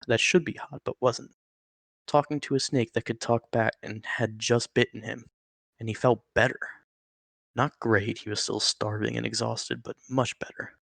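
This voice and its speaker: A man reading a story aloud in a steady, plain way, with occasional stumbles. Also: medium pitch, gravelly, no echo. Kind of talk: read-aloud story narration.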